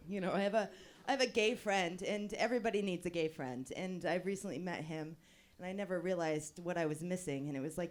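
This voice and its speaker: A woman in her thirties performing a stand-up comedy set at an open mic, with a wry, deadpan delivery and bursts of laughter. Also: medium pitch, brisk.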